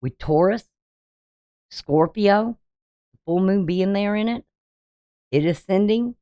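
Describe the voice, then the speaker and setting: Speaking slowly in a mellow, medium-pitched voice, a woman astrologer and tarot reader lays out her forecast with preachy emphasis, peppering viewers with rhetorical questions. The studio sound is clean, with no echo.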